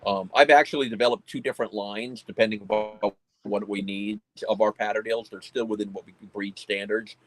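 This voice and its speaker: A man's voice: on the low side, steady tone, fairly quick, dry recording, low-quality recording. A man who owns a pest control company, explaining his dog-handling work in a plain, matter-of-fact way during an interview. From United States. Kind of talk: casual conversational interview.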